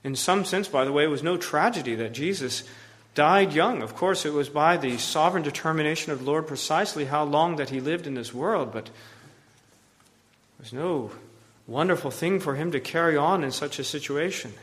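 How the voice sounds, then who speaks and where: Earnest preacher in a reverberant hall. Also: male voice, normal speed. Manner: earnest, swings between loud emphasis and hushed low phrases. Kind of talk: sermon.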